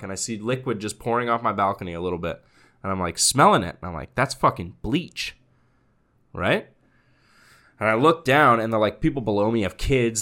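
A man co-hosting a podcast in casual chat, telling profane stories with acted-out quotes and loud laughter. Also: lowish voice. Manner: profane storytelling, acts out quotes, laughs loudly. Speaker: podcast co-host.

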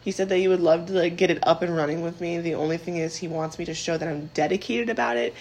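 A young woman with a creaky, gravelly voice hosts a casual solo podcast. She talks frankly and loosely, with lots of filler words and swearing. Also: lowish voice, fast, darkish tone, low-quality recording. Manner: candid, chatty, swears freely, says "like" a lot. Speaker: podcast host.

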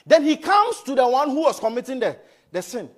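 A man with a strikingly high voice preaches to his congregation. His pitch leaps up and down as he swings from loud, forceful emphasis to hushed asides. He keeps checking in with the congregation as he talks. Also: big pitch swings, brisk. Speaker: pastor. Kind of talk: sermon. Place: church.

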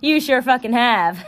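A young woman with a Philadelphia accent hosting a casual podcast, sassy, swearing and animated, recorded on a phone next to her computer. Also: mid-range voice. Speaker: podcast host. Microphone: phone beside computer.

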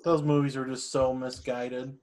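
Flat-voiced male podcast co-host. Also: medium pitch, normal speed. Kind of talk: casual chat.

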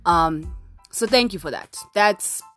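A woman's voice: fairly low pitch, slow, a bit bright, soft background music. Chatty young woman podcasting solo. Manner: chatty, dramatic, lots of "like" fillers. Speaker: podcast host. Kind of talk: casual solo podcast chat. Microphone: phone app recording.

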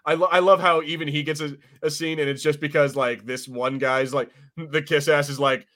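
A man's voice: fairly high pitch, steady tone, moderate pace, hardly any pauses, pushed and bright. A man co-hosting a podcast in casual chat, rambling with many restarts and swearing freely. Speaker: podcast co-host.

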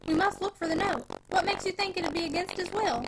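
A woman voicing an older uncle who reasons gently in plain country speech. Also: very high voice, huge pitch swings, brisk, gravelly, pitched above the performer's own voice, heavily acted. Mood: gentle, reasoning. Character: older uncle, mild-mannered, plain-spoken man. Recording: noisy home recording.

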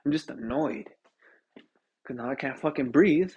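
A man's voice: medium pitch, a little slow, muffled recording. A young man hosting a podcast, ranting casually with lots of swearing and "dude," sick and short of breath. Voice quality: husky. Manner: profane, animated, says "dude" constantly. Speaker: podcast host.

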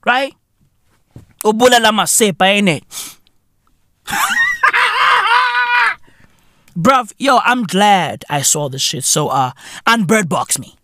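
A young South African man hosting a podcast, ranting in a casual, profane, comedic way with shouting and laughter. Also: high-pitched, measured pace, slight background noise. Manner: animated, profane, bursts into loud laughter and shouting. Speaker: podcast host.

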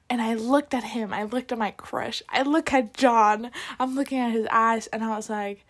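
A woman's voice: fairly high pitch, steady tone, moderate pace. A young woman vlogging casually, retelling a story with lots of quoted dialogue and filler words.

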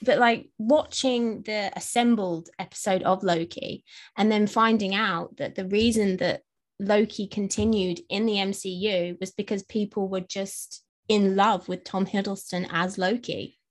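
A woman's voice: mid-range voice, steady tone, a little slow. A woman with an English accent co-hosting a podcast, chatting casually and rambling with many fillers and restarts. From England. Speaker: podcast co-host. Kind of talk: casual chat.

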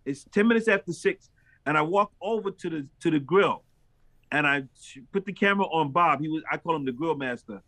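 Lively storytelling pastor, a man with a higher voice. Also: brisk. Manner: lively storyteller who acts out dialogue with big jumps in pitch. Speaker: pastor and street minister. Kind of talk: animated storytelling in an interview.

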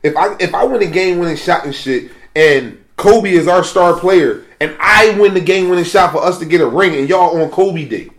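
A man's voice: high voice, moderate pace, hardly any pauses. A man in casual banter, insistently defending his point with plenty of swearing. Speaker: sports fan. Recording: echoey room.

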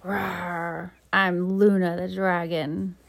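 Lonely aloof girl dragon from a homemade story, a lady voicing her, low-ish voice, slow and plain, dry close sound. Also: little pitch movement, creaky, dry recording, full character voice. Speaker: parent joining a child's made-up story. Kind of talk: improvised bedtime-story role-play.

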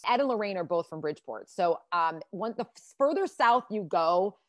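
A woman from central Connecticut chatting casually as a podcast co-host, quick and full of fillers. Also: medium pitch, expressive, dry recording, studio quality. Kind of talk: casual chat.

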